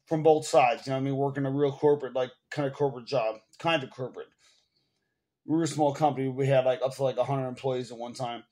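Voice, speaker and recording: A man with a New York accent ranting casually to the camera at home, profane and rambling, full of fillers. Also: medium pitch. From Bronx, New York. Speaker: vlogger.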